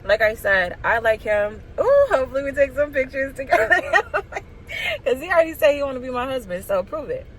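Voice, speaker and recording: Nervous, giggly young woman vlogging from a car, slightly high voice, faint street noise. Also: big pitch swings, fairly quick, a bit bright, rough recording. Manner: nervous, giggly, chatty, talking to viewers as girls. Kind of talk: casual vlog chat. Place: parked car.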